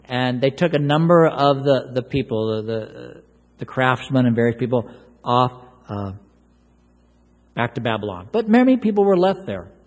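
A man's voice: mid-range voice, big pitch swings, normal speed, big-room sound. A man preaching a sermon verse by verse, earnest, often repeating words and acting out the pleas he quotes. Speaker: pastor.

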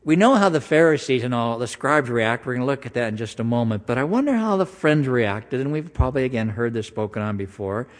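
A man preaching a sermon in a conversational style, slowing down for emphasis and acting out voices. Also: medium pitch, animated. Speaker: pastor. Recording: long hall reverb.

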